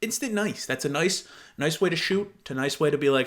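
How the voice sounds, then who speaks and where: A man's voice: fairly high pitch, brisk, a bit bright. A young man giving casual reaction commentary, blunt, profane and openly incredulous. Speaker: online commentator.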